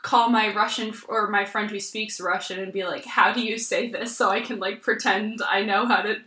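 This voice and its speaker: A woman's voice: medium pitch, steady tone, moderate pace, bright, forceful tone, reverberant. A young woman co-hosting a podcast, chatty and joking, often saying "like". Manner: chatty, joking, many "like" fillers. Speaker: podcast co-host. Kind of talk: casual chat.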